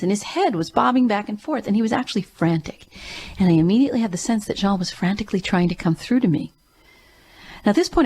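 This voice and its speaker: A woman's voice: mid-range voice, darkish tone. Earnest woman host telling a personal story. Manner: earnest, emphatic. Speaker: show host and grief coach.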